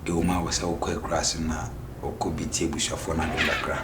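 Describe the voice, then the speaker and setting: A man plays a worried young man with a deep Ghanaian-accented voice that trips over its own words. He talks fast, and steady background noise sits under the line. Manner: stammering, repeats words. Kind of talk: Ghanaian comedy drama dialogue.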